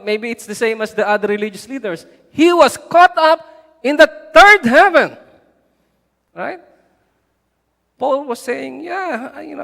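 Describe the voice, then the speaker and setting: High-voiced male pastor in a reverberant church. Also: creaky. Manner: animated preaching, rising loud for emphasis; conversational, frequent "right?" asides. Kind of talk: sermon. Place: church hall. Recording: long church-hall reverb.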